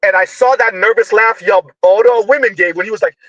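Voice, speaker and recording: A man with a notably high voice runs a heated commentary, loud and emphatic, often close to shouting. He leans on slang, repeats himself and fires off rhetorical questions. The recording is dry and a little dull, with no room sound. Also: a little fast, no echo. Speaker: online commentator.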